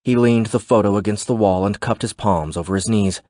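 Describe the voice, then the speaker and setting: Brief: male narrator, low voice, steady scripted delivery, dry close sound. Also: a little fast, dry recording. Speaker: audiobook narrator.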